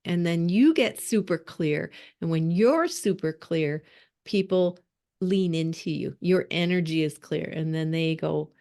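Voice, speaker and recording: A woman's voice: on the low side, unhurried, mellow. A woman leading a group coaching call over video, encouraging and laughing often. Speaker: course coach.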